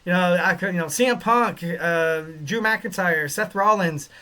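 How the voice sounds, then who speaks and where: A man's voice: high-pitched, measured pace, sharp tone. A man hosting a wrestling podcast, talking in a casual, rambling way full of fillers and laid-back slang. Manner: rambling, heavy on fillers like "you know". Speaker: podcast host.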